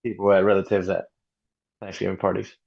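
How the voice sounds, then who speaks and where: A man's voice: low-pitched, little pitch movement, vocal fry, a little mellow. A man co-hosting a casual podcast chat, talking in slang and often stopping to restart his sentences. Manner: halting, many restarts, slangy. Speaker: podcast co-host. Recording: dull lo-fi sound.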